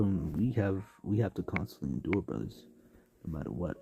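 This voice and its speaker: A man's voice: deep voice, lively intonation, a little fast, vocal fry, warm tone, muffled recording. A man from San Diego giving a casual spoken devotional on a livestream, rambling with many fillers and street slang. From San Diego, California. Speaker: livestream preacher.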